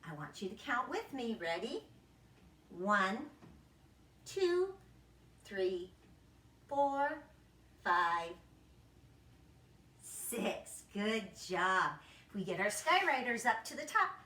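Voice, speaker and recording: A young woman teacher with a bright, lively voice that swoops up and down as she cheers small children on. She takes her time, counting in a sing-song lilt. The room around her is roomy and echoing. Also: fairly high pitch, drawn-out words, long pauses. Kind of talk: children's lesson, counting and letters. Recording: echoey room.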